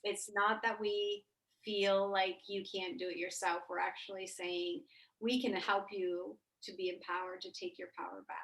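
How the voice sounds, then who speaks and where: A woman's voice: medium pitch, little pitch movement, moderate pace, fairly bright tone, roomy sound, low-quality recording. A woman co-hosting a casual spiritual heart-to-heart chat, emotive and swearing freely. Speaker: co-host.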